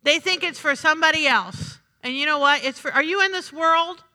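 A woman's voice: high voice, a little fast, bright, forceful tone. A woman preaching a sermon in a chatty, humorous way, calling out to the congregation for responses. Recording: reverberant hall.

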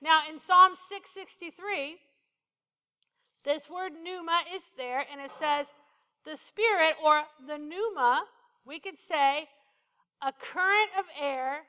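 Lady preacher w a really high bright voice, takes her time, playful, asks the crowd stuff. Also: slow pace, big-room sound. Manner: playful, asks the congregation questions. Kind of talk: sermon.

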